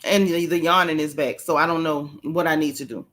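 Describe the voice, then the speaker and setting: A woman's voice: low-pitched, fairly even intonation, fairly quick, a bit bright. A woman hosting a casual livestream, chatty and familiar as she greets her viewers one by one. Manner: playful and familiar. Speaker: livestream host.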